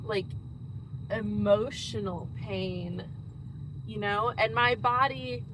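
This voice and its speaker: A woman speaking in an earnest, thoughtful way, reflecting slowly and pausing often in a personal monologue. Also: medium pitch, steady tone, background noise. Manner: slow, earnest, thoughtful, with frequent pauses. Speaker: host.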